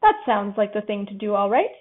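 A woman voicing a gentle, simple-minded male teddy bear in a storybook reading. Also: medium pitch, very animated, brisk, lightly acted. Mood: earnest. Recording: tinny phone-like audio.

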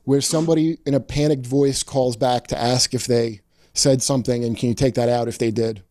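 Sardonic, swearing podcast host. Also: male voice, medium pitch, steady tone, brisk, darkish tone, no room sound, clean studio sound. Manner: profane, sardonic riffing. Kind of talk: casual podcast chat.

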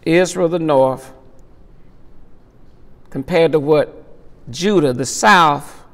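A man's voice: on the high side, slow pace, fairly bright tone. A middle-aged male pastor teaching a Bible study, emphatic, repeating his words and swelling into impassioned peaks. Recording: long reverb of a large hall.

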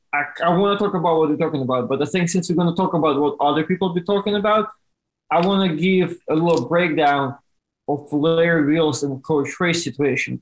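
A man's voice: fairly high pitch, low-quality recording. A man as a guest in a casual conversation, explaining things earnestly and often repeating his words as he starts. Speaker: guest commentator.

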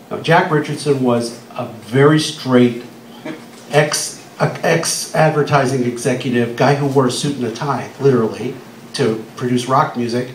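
A man's voice: medium pitch, normal speed, recorded from a distance, slight background noise. Older man telling a story in an echoey club. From Canada. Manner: animated, laughing, acts out quoted voices. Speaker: guest speaker telling a story. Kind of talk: storytelling speech at an event. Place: music club, indoors.

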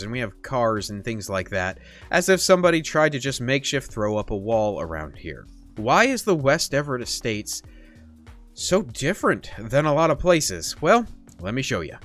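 A man's voice: medium pitch, a bit bright. A man hosting a gaming channel, giving playful, joking gameplay commentary in a chatty way.

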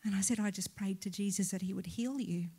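A woman's voice: medium pitch, fairly quick, mellow, husky. A middle-aged Australian woman pastor telling a testimony story live in church, acting out the dialogue and laughing often.

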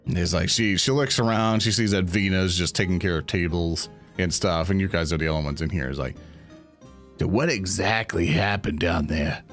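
A man's voice: deep voice, a little fast, few pauses, faint music behind. A man narrating a tabletop game as game master, rambling and often laughing.

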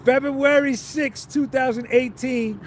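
A man's voice: extremely high pitch, fairly even intonation, a little slow, a little hiss or hum. Hyped man livestreaming outdoors. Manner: hyped, boastful, coaching tone. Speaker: livestream host. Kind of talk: casual livestream chat.

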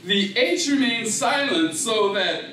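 Slow, laughing older man lecturing in an echoey room. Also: sits high, lively intonation, sharp tone, distant mic, a little hiss or hum. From Gullah Geechee community, South Carolina. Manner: slow and deliberate, laughs often, quizzes the audience. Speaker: speaker. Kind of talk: interactive lecture. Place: library meeting room.

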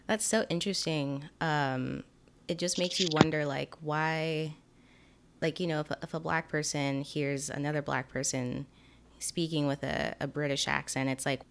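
A woman's voice: sits low, steady tone, measured pace, creaky, a little hiss or hum. A woman hosting a podcast, asking thoughtful, questioning follow-ups in casual chat. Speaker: podcast host.

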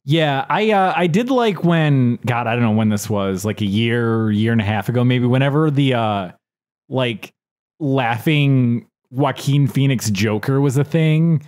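A man's voice: mid-range voice, lively intonation, measured pace, darkish tone. A young man co-hosting a podcast, chatting casually and rambling with lots of restarts and fillers. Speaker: podcast co-host. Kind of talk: casual chat.

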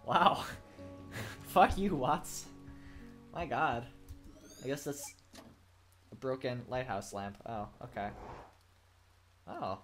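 A man's voice: medium pitch, big pitch swings, slow pace, pauses often, fairly bright tone, soft background music. A young man giving casual gameplay commentary as a let's play host, rambling and joking, swearing and laughing often.

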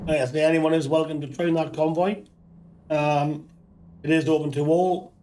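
A man with a Geordie accent hosting a casual game commentary, his voice croaky from flu, talking in a relaxed, rambling way with many ums. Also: on the high side, moderate pace, background noise. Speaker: gaming channel host.

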